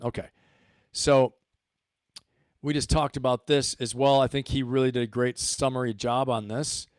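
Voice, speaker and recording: A man's voice: mid-range voice, little pitch movement, normal speed, smooth, no room sound, clean studio sound. A man hosting a livestream, giving emphatic commentary and repeating his points for stress. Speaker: host.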